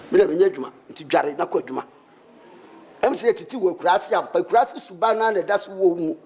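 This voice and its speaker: A man with a Ghanaian accent playing a young man who argues and pleads quickly while being scolded. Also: sits high, darkish tone, reverberant. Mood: arguing. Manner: fast, pleading and argumentative. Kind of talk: Ghanaian film acting.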